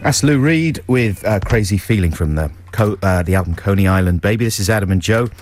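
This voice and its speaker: A man's voice: lowish voice, expressive, fairly quick, darkish tone, faint music behind. A man co-hosting a jokey radio show, telling rambling anecdotes and laughing along. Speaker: radio co-host. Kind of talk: jokey breakfast radio banter. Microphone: studio microphone.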